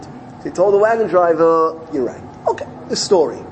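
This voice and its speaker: A rabbi gives a Torah talk in a fairly high voice. He tells his story energy and acts out each quote. A faint hum of noise sits behind him. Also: moderate pace, rough recording. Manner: animated storytelling, acting out quotes with rising pitch.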